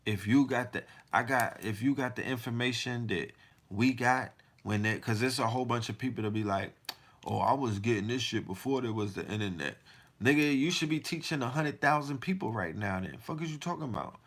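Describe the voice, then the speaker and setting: A man's voice: mid-range voice, a little fast, a bit bright. A man hosting a podcast, delivering a heated, profane monologue full of rhetorical questions. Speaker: podcast host.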